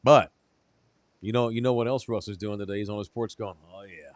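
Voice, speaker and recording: A man's voice: fairly low pitch, fairly even intonation, a little fast, no echo. A man co-hosting a sports radio show, bantering crudely and reading ads and live chat. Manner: brash, joking, reads ads and live chat. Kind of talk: casual sports talk.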